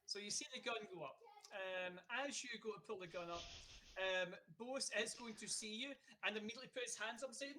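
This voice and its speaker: A game master narrating a tabletop role-playing game in halting, filler-heavy speech. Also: medium pitch, sharp tone, a little hiss or hum.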